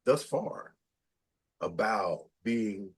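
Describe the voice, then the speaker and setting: A middle-aged man with a somewhat low voice leads a casual interview. He speaks in a preachy, emphatic way, and his pitch jumps up sharply whenever he stresses a point. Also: expressive, extremely slow, slightly rough.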